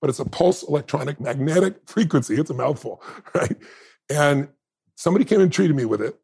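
Gravelly, husky-voiced man telling a story. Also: a little high, animated, brisk, darkish tone. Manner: acts out quoted dialogue, laughs often. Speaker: interview guest. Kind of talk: animated storytelling in conversation.

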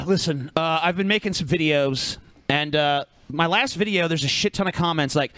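A man co-hosting a podcast with a raspy, gravelly voice he says comes from smoking, who swears constantly and rants loudly in crude casual chat. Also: fairly high pitch, moderate pace, no echo. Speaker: podcast co-host.

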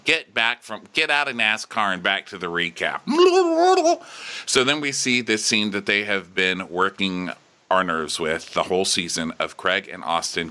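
Bright-voiced sarcastic man recapping TV. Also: low voice. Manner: sarcastic, breaks into mocking impressions. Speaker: podcast co-host. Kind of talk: casual comedic TV recap.

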